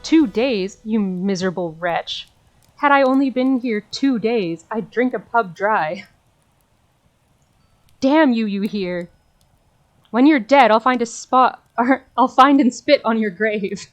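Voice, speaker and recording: A woman voices an unhinged female demon who has been trapped for centuries. She is bitter and tormented, with dramatic lurches from despair to shouted curses. Soft game music plays underneath. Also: mid-range voice, animated, measured pace, highs cut off, natural voice. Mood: ranting. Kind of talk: reading a visual novel aloud.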